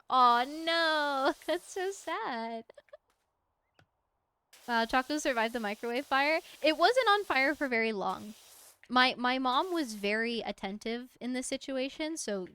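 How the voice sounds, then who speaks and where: A woman's voice: on the high side, a bit bright, clear, resonant tone. Chatty American woman streamer, laughing often. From United States. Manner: chatty, rambling storyteller who laughs often. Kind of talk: casual stream chat while gaming.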